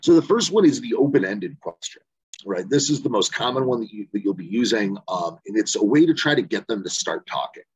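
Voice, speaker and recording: Coaching volunteers on phone banking in an informal virtual session from home, a man rambles along with many fillers and "right?" asides. His fairly low voice has a breathy edge, lively intonation and a fairly quick pace. The video call mic gives a dry, low-quality recording.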